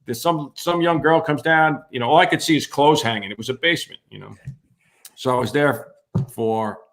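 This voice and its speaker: Animated New man telling a story. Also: mid-range voice, moderate pace. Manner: animated, acts out other voices. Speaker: podcast co-host, firefighter. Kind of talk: storytelling in casual chat.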